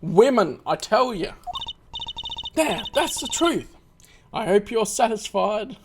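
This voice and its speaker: A man voicing a sly young woman card sharp who first puts on a Russian accent, in a cocky, theatrical manner. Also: high-pitched, big pitch swings, slow pace, noisy background, full character voice. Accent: put-on Russian. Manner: cocky, theatrical, sing-song.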